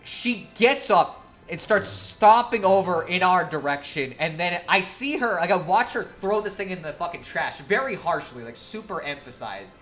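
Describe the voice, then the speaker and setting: A woman's voice: on the low side, expressive, normal speed, fairly bright tone. A woman streamer telling a long story in a casual, profane, laughing way.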